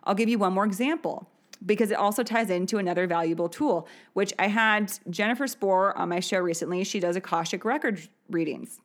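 This podcast host, a woman in her thirties, speaks in a mid-range voice at a fairly quick clip. Telling a personal story, she stays chatty and open, often laughing and leaning on many filler words.

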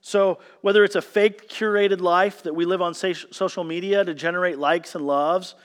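A man delivers a sermon in a slightly raised voice, pressing hard on key words and then dropping to a near hush. His voice carries a long reverb, as in a large church sanctuary. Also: sits high, fairly even intonation, moderate pace, clean tone. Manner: storytelling, emphatic, varies volume from loud to hushed. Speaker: pastor.

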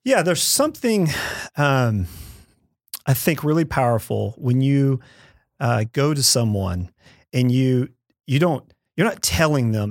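A man on a podcast calmly explaining leadership steps in a conversational way. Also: mid-range voice, no room sound, studio quality. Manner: measured, explains step by step with acted-out quotes.

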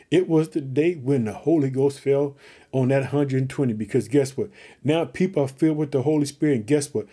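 A man from Chicago preaches on his own podcast with fervent, repeated call-outs to his listeners. His voice is husky and dark-toned, sitting a little high for a man. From Chicago, Illinois. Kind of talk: sermon.

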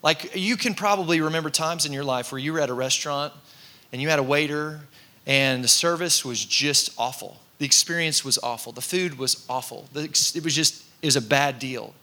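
Bright-voiced man preaching with humor. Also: fairly high pitch, a little fast. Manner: conversational, self-deprecating storytelling with laughs. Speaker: pastor. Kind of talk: sermon with personal stories. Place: church in front of a congregation.

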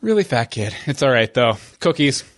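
A man's voice: mid-range voice, sing-song, normal speed, a bit bright, no room sound. A young man co-hosting a podcast, telling a rambling, self-deprecating story full of fillers. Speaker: podcast co-host. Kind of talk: casual chat.

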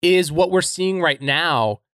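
Thoughtful man with a higher voice. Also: fairly bright tone, dry recording, studio quality. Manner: thoughtful, halting, many "like" fillers. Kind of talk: casual podcast chat.

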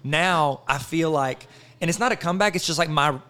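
A man's voice: fairly high pitch, pushed and bright, clean tone. A married man from Central Arkansas co-hosting a casual chat, joking and laughing often. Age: adult, married. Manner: quick, jokey, laughs often. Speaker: podcast co-host.

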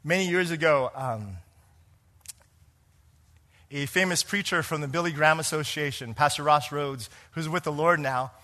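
A man, a pastor, preaching a sermon, moving between hushed lines and emphatic ones and asking the congregation questions. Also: a little high, normal speed, long pauses.

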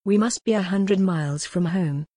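A frightened young woman in an audiobook, read by a woman, urgent and demanding. The voice sits a little low and is recorded close in a dry room. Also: normal speed, mellow, no room sound, lightly acted. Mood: anxious.

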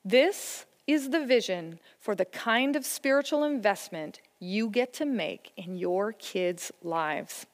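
A woman with a medium-pitched, lively voice gives an earnest, encouraging sermon on parenting and faith, speaking slowly with few pauses. As a church speaker on family faith, she blends scripture with personal stories, and long hall reverb colors the recording.

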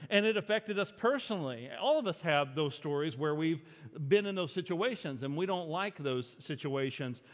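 A male pastor with a fairly high voice tells a story from the pulpit in a loose, chatty way, full of fillers and self-deprecating asides. His voice carries a long reverb, as in a large church hall. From Arkansas, US. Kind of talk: sermon with a personal story.

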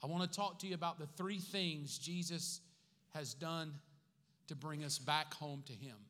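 A pastor preaching a sermon to his congregation, dropping joking asides between slow, emphatic, repeated points. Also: fairly high pitch, sharp tone. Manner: slow emphatic repetition of key phrases. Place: church sanctuary with congregation. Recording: long reverb from a large church hall.

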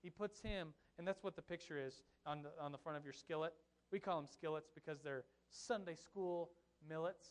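A young pastor preaches a sermon, recounting a Bible story in a lively, joking manner and tossing asides to his congregation. His pitch sits fairly high and his pace is moderate.

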